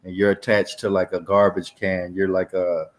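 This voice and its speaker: A man with a very low voice muses aloud as co-host of a casual tech chat. He turns ideas over in a thoughtful, unhurried way. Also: level tone. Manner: thoughtful, musing. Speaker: podcast co-host.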